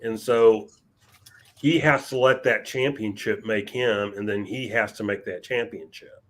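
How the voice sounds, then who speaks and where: A man with a lowish voice co-hosts a podcast in casual chat. He talks in a measured way, with a wry, sarcastic edge to his remarks. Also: steady tone. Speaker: podcast co-host.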